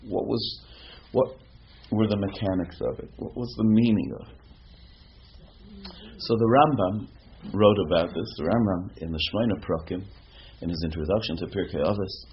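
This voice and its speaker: A man teaching a lively Torah class as a rabbi, asking rhetorical questions and mixing in Hebrew terms. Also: sits low, moderate pace. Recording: dull lo-fi recording with faint noise.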